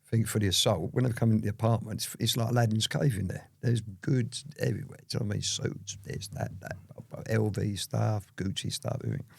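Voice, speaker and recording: A man telling his daughter stories from his life in a lively, anecdotal way. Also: lowish voice, fast talker, gravelly, hardly any pauses, slightly rough, no echo, clean studio sound. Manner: lively anecdotal storytelling, full of "you know what I mean". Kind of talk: casual storytelling interview.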